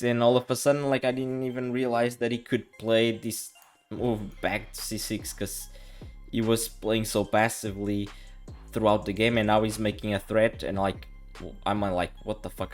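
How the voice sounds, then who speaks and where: A young man casually recapping his own chess tournament game, telling the story in an animated, exasperated way full of slang and acting out what was said. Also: on the low side, moderate pace, faint music behind. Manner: animated, exasperated, slangy, acts out quoted lines.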